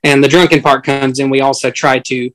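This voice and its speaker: A man's voice: medium pitch, flat delivery, fairly quick, fairly bright tone, rough recording. A man with a Southern US accent, chatting as a guest in a casual podcast interview and making dry joking asides. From Southern United States.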